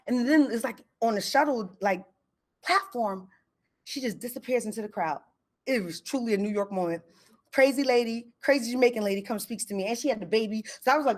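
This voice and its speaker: A woman telling a personal story to a live audience in a lively, conversational way, acting out what people said. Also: medium pitch, moderate pace.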